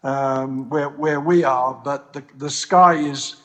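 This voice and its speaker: A man from the United States calling into a live show, talking in a wry, self-deprecating, halting way. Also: mid-range voice, fairly even intonation, fairly bright tone. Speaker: guest on phone. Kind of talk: casual call-in chat.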